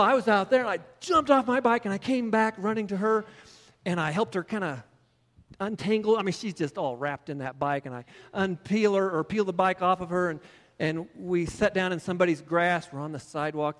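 A man's voice: sits high, a bit bright, big-room sound. A middle-aged male pastor telling a personal story in a sermon, then building into emphatic preaching.

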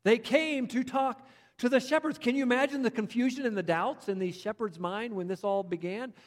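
A man with a notably high voice delivers a sermon, retelling a story with animated, conversational asides. His words ring out with a long reverb, as in a church sanctuary. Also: normal speed. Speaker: pastor.

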